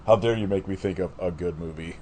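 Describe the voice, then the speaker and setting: Deep-voiced man rambling on a podcast. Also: fast talker, a little mellow, a little hiss or hum. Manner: rambling, full of "like" fillers and restarts. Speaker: podcast co-host. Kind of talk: casual chat reviewing a movie.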